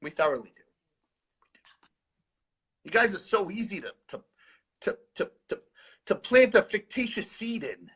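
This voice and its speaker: A man co-hosts a live spiritual stream in a sarcastic, rambling chat. His voice sits high and jumps around a lot. It is bright, with a husky edge. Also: very animated, measured pace, pauses often. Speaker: co-host of a live spiritual advice show.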